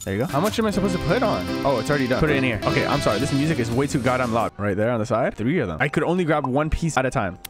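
A man's voice: medium pitch, sing-song, racing. A man giving casual, frantic gameplay commentary, talking to himself and swearing at his mistakes. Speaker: gaming video creator. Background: game music.

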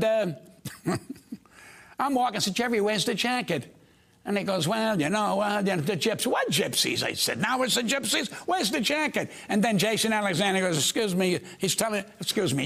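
Gravelly older New comedian. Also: male voice, sits high, a bit bright. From United States. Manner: brash, rapid anecdotes acting out voices. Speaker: comedian guest. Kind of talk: storytelling on a talk show.

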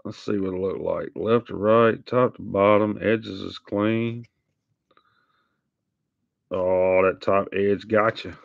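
A man's voice: on the low side, steady tone, slow, gravelly, pauses often, no echo. A man hosting a live trading card break, chatting casually and teasing viewers with sing-song hype calls. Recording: dull lo-fi stream audio.

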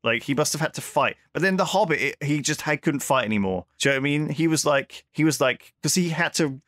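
A man co-hosting a podcast in casual chat, rambling and lively, often restarting his thoughts. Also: on the high side, fast, no echo. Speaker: podcast co-host.

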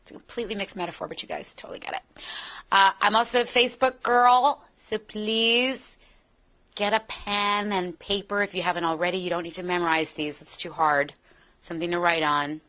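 An American actress in a casual interview, talking in an animated, playful way. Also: female voice, mid-range voice. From United States. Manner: animated, playful, slips into accents.

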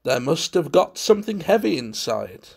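A man's voice: on the high side, sing-song, normal speed, vocal fry, a little mellow, breathy edge, pitched above the performer's own voice, heavily acted. A man voicing a doubtful, frightened butler who speaks hesitantly.

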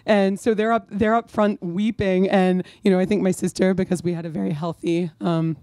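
A woman's voice: medium pitch, level tone, moderate pace, dark tone, dry recording. Woman author, wry self-mocking storyteller, dry close sound. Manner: rambling, self-mocking storyteller with many restarts. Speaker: author at a bookstore event. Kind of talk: conversational Q&A and anecdote. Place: bookstore event before an audience.

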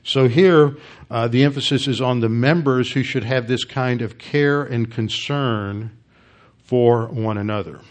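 A man's voice: mid-range voice, measured pace. A middle-aged man, a pastor giving an expository Bible teaching sermon, lecturing emphatically with frequent restarts.

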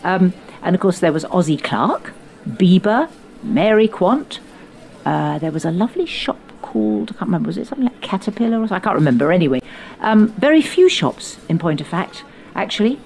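An older English woman reminisces with theatrical flair, dropping her voice low for asides and lifting it for quoted lines. Her tone sits a little low, and a faint hiss lies under the recording. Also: a little fast, vocal fry. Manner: animated storyteller, theatrical quoted voices, frequent laughs. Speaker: podcast host recalling her youth. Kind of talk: reminiscing conversation.

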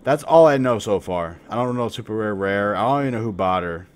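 A young man streaming a mobile card game, commenting live with profane trash talk, dropping to mumbles and then shouting at opponents. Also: fairly low pitch, expressive, brisk, smooth.

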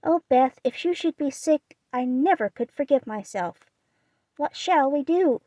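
An impulsive teenage girl, read by a woman, blunt and quick to exclaim, her voice pitched high and raised. It is a dry, close audiobook reading. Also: lively intonation, dark tone, no room sound, poor audio. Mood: anxious.

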